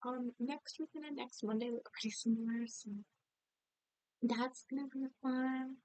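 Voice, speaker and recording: Young woman, college student, casual voice-over, rambling and candid, fairly high voice, mellow dry sound. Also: fairly even intonation, normal speed, no echo, low-quality recording. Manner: rambling, candid, tired and apologetic. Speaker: college student and game creator. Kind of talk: casual voice-over chat over a game build. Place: at home by a laptop.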